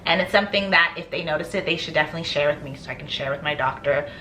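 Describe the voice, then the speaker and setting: Chatty woman with a bright voice. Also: low-pitched, rapid-fire, a little hiss or hum. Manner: chatty, laughs often, acts out stories. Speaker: skincare vlogger. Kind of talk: casual chat.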